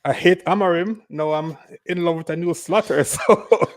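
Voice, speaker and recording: A man's voice: on the high side, normal speed. A man from Canada on a livestream panel, talking in a wry, self-mocking way. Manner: wry, laughing self-mockery. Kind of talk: casual livestream chat.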